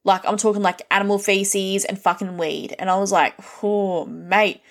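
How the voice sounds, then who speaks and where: An Australian woman hosts a podcast, telling her stories in a loose, unscripted monologue. She is blunt and swears freely, slipping into the voices of the people she quotes. Her voice sits at an everyday middle pitch for a woman. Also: moderate pace. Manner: blunt, heavy swearing, lively retelling with quoted dialogue. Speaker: podcast host. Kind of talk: casual storytelling monologue.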